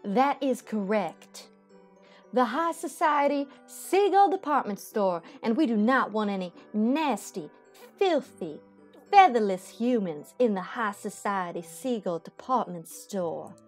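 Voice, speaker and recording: A snooty seagull clerk lady with a Southern US drawl who lingers over every prim word, as a woman puts her on. She sounds haughty and slow, looking down her beak at everyone. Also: on the high side, lively intonation, faint music behind. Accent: Southern US (put on).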